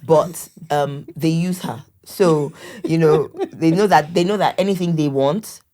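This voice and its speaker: A woman's voice: sits low, measured pace. A middle-aged woman, a podcast guest, telling family stories in casual conversation. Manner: warm storytelling, acts out family members' lines.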